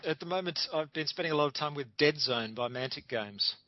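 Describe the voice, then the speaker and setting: A man's voice: on the high side, a little fast. A middle-aged man, a graphic designer, answering interview questions in an enthusiastic, chatty way with frequent ums. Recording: dull lo-fi dry sound.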